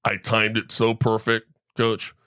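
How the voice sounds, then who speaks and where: A man's voice: lowish voice, measured pace, clear, resonant tone, dry recording, studio quality. A middle-aged man hosting a sports podcast, telling a story in casual chat and tagging his lines with "right?". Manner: animated storyteller, tag questions like right?. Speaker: podcast host.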